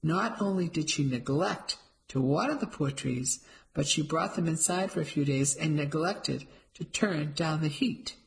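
Gruff elderly smoker woman, narrator puts her on, raspy and blunt, storybook reading. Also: medium pitch, a little slow. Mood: scolding. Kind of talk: audiobook character voice.

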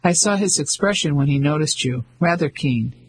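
A man reading the part of a polite, chatty young English gentleman in an audiobook. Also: a little high, lively intonation, moderate pace, slightly rough. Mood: easygoing. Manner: polite, upper-class, chatty.

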